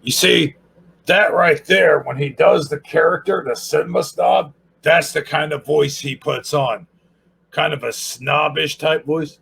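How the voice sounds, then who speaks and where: A man's voice: on the high side, steady tone, a little slow, gravelly, fairly bright tone, breathy edge. A man hosting a casual channel review, sarcastic and rambling.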